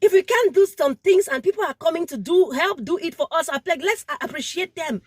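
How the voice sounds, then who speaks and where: A woman's voice: very high voice, expressive, a little fast, no room sound, clean studio sound. A woman makes an impassioned appeal straight to camera. She is emphatic, repeats phrases and stumbles over words, and she is sweating in the heat. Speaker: vlogger.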